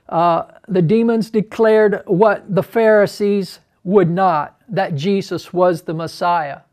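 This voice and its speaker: A man teaching about deliverance ministry in an earnest, plain-spoken way, dropping his voice low and hushed when quoting others. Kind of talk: teaching talk to camera.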